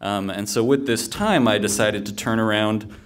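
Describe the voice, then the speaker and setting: A man's voice: on the low side, normal speed. A man telling a humorous personal story live on stage, in a conversational way with fillers and restarts.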